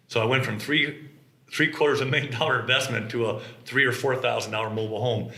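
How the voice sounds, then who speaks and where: The co-founder of a mobile home business recounts how it began in casual conversation, speaking fast with a bright, forward, medium-pitched voice. He tells his stories animatedly, acting out quotes, while the room around him rings with echo.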